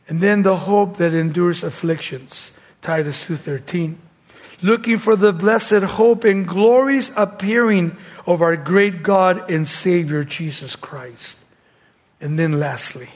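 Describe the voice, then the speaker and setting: High-voiced man preaching on scripture. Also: takes it slowly. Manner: reads scripture with rising emphasis. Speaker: radio preacher. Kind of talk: sermon with scripture reading.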